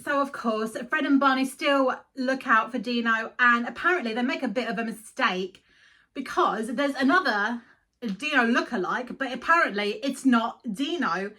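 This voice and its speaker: A woman's voice: a little high, sharp tone. A woman hosting a casual cartoon review, chatty and emotional, often giggling. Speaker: video host.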